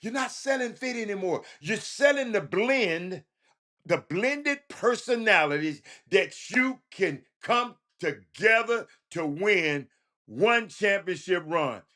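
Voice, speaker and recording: A man hosts a loose talk show monologue over the phone, his voice sitting noticeably high. He speaks with a drawl and lectures his listeners. He keeps stammering and restarting his lines as he goes. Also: expressive, slow pace, pushed and bright. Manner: preachy, repeats himself, stammering restarts. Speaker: show host. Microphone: phone call.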